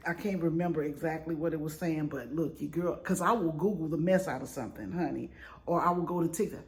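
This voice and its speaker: Middle-aged woman vlogger, animated chatty storyteller, lowish voice. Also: a little fast. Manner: animated, chatty, dramatic retelling. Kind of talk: casual storytelling.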